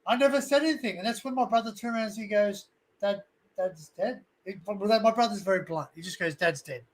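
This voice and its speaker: A man's voice: high-pitched, quick pace. An Australian man hosting a livestream, telling a personal story candidly and emotionally, swearing freely. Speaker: livestream host. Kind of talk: casual chat.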